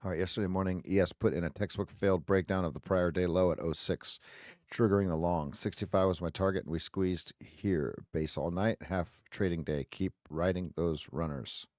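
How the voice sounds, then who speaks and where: A man's voice: low-pitched, fairly even intonation, normal speed, darkish tone, no echo, studio quality. A man hosting a live trading stream, thinking aloud as he calls price levels and often restarts his sentences. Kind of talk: live market commentary.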